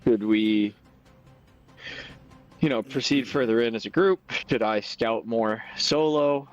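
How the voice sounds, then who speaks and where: A man playing a tabletop game, planning his moves calmly and deliberately. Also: mid-range voice, clear, resonant tone, lo-fi sound, soft background music. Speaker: player. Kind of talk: casual tabletop play.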